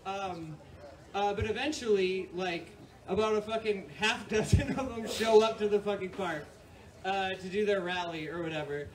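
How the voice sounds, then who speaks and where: A high-pitched New York man performs a rambling, profane stand-up set on a comedy club stage, frequently laughing at his own jokes. He talks at a normal speed, and the recording comes from a distant mic in a noisy live room with an audience.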